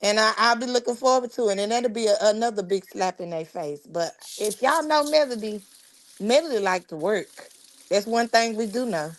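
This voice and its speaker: A woman's voice: medium pitch, normal speed. A woman guest in a casual group chat, emphatic and repeating herself for effect, using loose slang.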